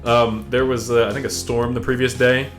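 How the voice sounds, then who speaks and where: A young man in his twenties, co-hosting a podcast in a loose, unhurried chat. His pitch sits in a middle range, and he often stops and restarts a thought before laughing along. Soft music plays faintly underneath. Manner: relaxed and hesitant, lots of restarts and laughter. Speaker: podcast co-host.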